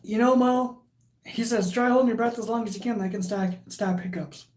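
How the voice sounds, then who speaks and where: A woman's voice: fairly high pitch, normal speed, a little mellow. A woman hosting a casual livestream, reading viewer comments aloud and chatting in a rambling way. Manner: chatty and rambling, with frequent fillers. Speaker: livestream host.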